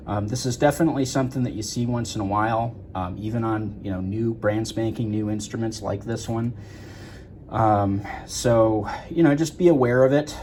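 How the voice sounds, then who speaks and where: Man, lowish voice, casual repair-shop tech who rambles with fillers, faint shop hum behind. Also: darkish tone. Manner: rambling, many fillers and restarts. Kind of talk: casual workshop explanation.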